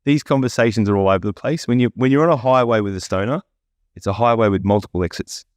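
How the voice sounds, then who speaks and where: A man hosting a podcast, rambling and swearing freely in a casual chat while high on edibles. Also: fast, no room sound, clean studio sound. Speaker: podcast host.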